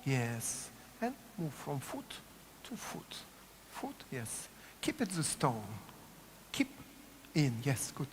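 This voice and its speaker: A man with a Russian accent leads a dance class, calling out movement cues in a slow, sing-song way, his pitch rising and falling widely. He keeps checking in with the group as he coaches. His voice rings with the long reverb of a big studio, with faint room noise underneath. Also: big pitch swings. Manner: coaching rhythmically, repeats cue words, asks "yes?" often. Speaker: dance teacher. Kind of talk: dance workshop instruction.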